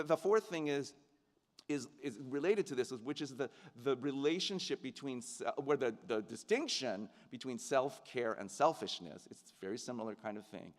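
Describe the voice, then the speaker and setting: A middle-aged man gives a commencement speech in an earnest, reflective way, at a middle pitch. His voice carries a long reverb from a large venue and reaches the podium mic. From United States. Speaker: commencement speaker, actor.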